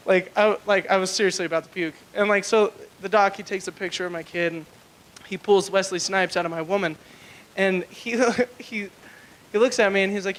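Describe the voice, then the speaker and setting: A man's voice: sits high, steady tone, brisk, fairly bright tone. A young man doing a rambling, crude stand-up comedy set on a live club stage, full of filler words.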